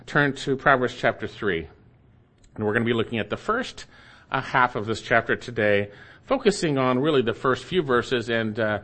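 A man preaching a sermon, reading scripture slowly and repeating key phrases for emphasis. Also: a little high, a bit bright.

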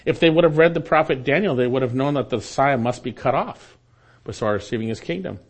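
A man pastor preaching a sermon in an earnest style, climbing in pitch on emphatic points and falling low and quiet on asides. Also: fast talker.

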